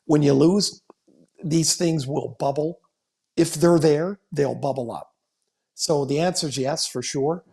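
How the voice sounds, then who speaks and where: A middle-aged Canadian man, a former player, co-hosts a casual sports podcast. His voice is on the high side but gravelly and dark, and he speaks at a measured pace. He tells stories bluntly and jokingly, with laughing asides.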